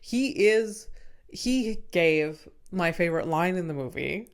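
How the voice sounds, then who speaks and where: A woman's voice: lowish voice, slow pace, smooth. A young woman co-hosting a podcast in casual chat, talking things through and laughing often. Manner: chatty, laughs often, acts out movie scenes. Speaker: podcast co-host.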